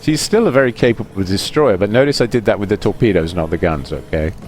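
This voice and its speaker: A man's voice: fairly low pitch, expressive, fast, darkish tone, faint music behind. A man giving chatty, explanatory commentary over his own gameplay, with many fillers. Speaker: gaming YouTuber.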